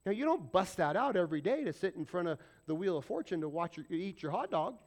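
A man preaching a sermon as pastor, animated and conversational, often putting questions to the congregation. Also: high voice, fast talker, few pauses.

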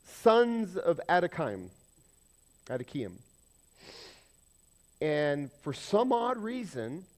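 A man preaching a sermon, swinging between loud, excited points and quiet, confiding asides, often asking the congregation questions. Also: a little high. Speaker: pastor.

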